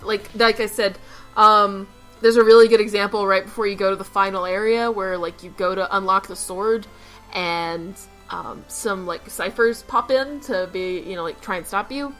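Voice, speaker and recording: A woman's voice: medium pitch, normal speed, fairly bright tone, soft background music, low-quality recording. Chatty woman podcast co-host. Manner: opinionated, chatty. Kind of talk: casual chat.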